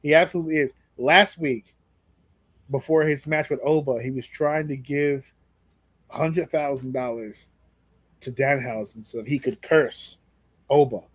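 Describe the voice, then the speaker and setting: Animated, profane man recapping wrestling. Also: mid-range voice, a little slow, pauses often, husky, dry recording. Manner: animated storyteller, swears freely. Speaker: podcast co-host. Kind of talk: casual chat.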